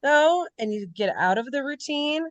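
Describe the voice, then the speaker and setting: A woman's voice: sits high, lively intonation, normal speed, no room sound, dull audio. A woman co-hosting a podcast, talking candidly and in a rambling way about personal struggles in casual chat. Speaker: podcast co-host.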